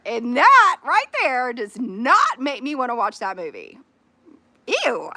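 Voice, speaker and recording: A woman with a Southern US accent, chatting casually with her livestream viewers from her phone, animated and quick to squeal and laugh. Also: high voice, slight background noise. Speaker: livestream host.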